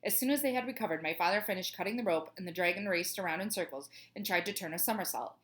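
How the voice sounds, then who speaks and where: A woman's voice: on the low side, quick pace, fairly bright tone. A woman, a teacher, reading a children's book aloud in a cheerful, chatty way.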